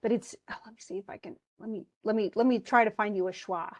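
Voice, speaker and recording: A woman's voice: medium pitch, fairly even intonation, fast talker, darkish tone. A woman instructor giving an online class lecture over a computer mic, talking conversationally with many restarts and check-ins with the students. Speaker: college English instructor.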